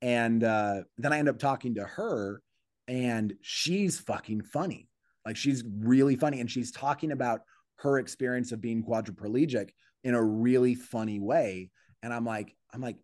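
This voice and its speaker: A male comedian spins a story in an easygoing podcast chat, jumping up in pitch whenever he acts out what someone said. His phrases restart and pile up as he thinks aloud. The sound is dry and close, with no room around it. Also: moderate pace, dry recording. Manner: animated storyteller acting out quoted voices, with many restarts. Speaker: comedian guest. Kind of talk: casual storytelling in a podcast interview.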